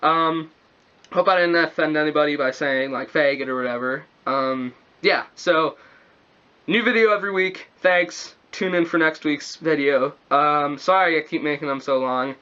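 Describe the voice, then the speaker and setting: A man's voice: fairly high pitch, moderate pace, sharp tone, smooth. A young man rambling in a casual vlog, goofy and self-mocking, full of slang. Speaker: vlogger. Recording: dull lo-fi recording.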